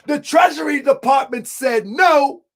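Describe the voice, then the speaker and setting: A man in a heated live debate, speaking emphatically, often shouting, repeating lines for effect and calling the audience family. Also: very high-pitched, a little slow.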